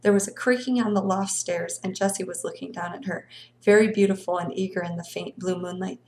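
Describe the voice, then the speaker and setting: A woman reading a novel aloud with expressive storytelling. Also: fairly low pitch, a little fast. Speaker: reader of a novel.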